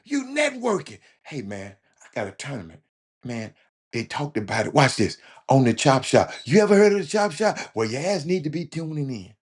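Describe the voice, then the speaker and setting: A man hosts a loose talk show monologue over the phone, his voice sitting noticeably high. He speaks with a drawl and lectures his listeners. He keeps stammering and restarting his lines as he goes. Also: sing-song, fairly quick. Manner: preachy, repeats himself, stammering restarts. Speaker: show host. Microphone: phone call.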